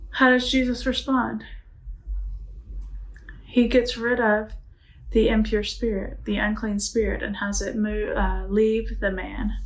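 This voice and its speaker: A woman's voice: medium pitch, low-quality recording. Woman teaching a youth Bible class. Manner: asks the class questions and answers them herself; casual and conversational, with frequent "like". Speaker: middle school Bible teacher. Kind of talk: church youth Bible lesson.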